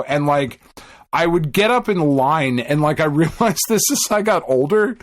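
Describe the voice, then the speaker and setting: A man's voice: fairly high pitch, moderate pace, no room sound, studio quality. A man co-hosting a gaming podcast in casual chat, swearing freely and acting out quotes as he tells stories. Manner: profane, animated storyteller who acts out quotes. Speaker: podcast co-host.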